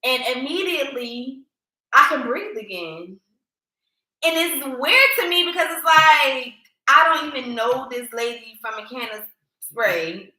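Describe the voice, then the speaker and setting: A woman co-hosting a podcast, chatting casually and telling a personal story with emphatic, animated delivery. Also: sits high, measured pace. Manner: animated, emphatic, addresses listeners as y'all. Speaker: podcast co-host. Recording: echoey room.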